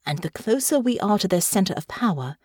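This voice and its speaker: A woman voicing Delphinia, a tall, grim, knowing young noblewoman, speaking low, slow and soft in an audiobook. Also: animated, breathy edge, no echo, studio quality. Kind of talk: audiobook character voice.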